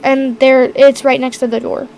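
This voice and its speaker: A woman's voice: high-pitched, little pitch movement, normal speed, gravelly, darkish tone, a little hiss or hum, rough recording. A woman narrating as game master in a tabletop game, hesitant, often searching for words.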